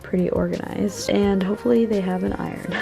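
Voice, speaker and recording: A woman's voice: medium pitch, fairly even intonation, brisk, vocal fry. A young woman vlogging casually from a hotel room while sick and a bit stuffy, chatty and full of "like". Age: young adult. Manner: chatty, says "like" a lot. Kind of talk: casual vlog chat. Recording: music playing under the voice.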